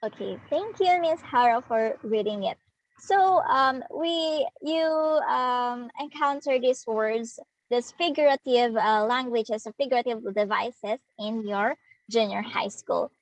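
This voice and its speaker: A young woman with a Filipino accent leads a demo lesson, her voice sitting a little high. She explains at an unhurried pace, stopping to search for words. The sound is dry and close. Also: no room sound, poor audio. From Philippines. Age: young adult. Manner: slow, hesitant, explaining to students. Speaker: student teacher.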